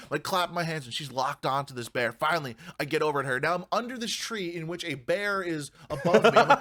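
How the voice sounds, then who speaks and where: A man on a casual podcast tells a rowdy story with a bright, slightly high voice. He swears freely and acts out his own shouts as the tale builds. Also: expressive, quick pace, few pauses, no room sound. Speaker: podcast co-host.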